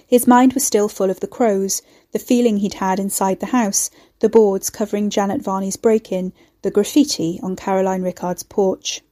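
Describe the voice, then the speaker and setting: Narrator, female, mellow and warm tone, steady read of a novel. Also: mid-range voice, moderate pace, few pauses. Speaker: audiobook narrator. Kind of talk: scripted narration.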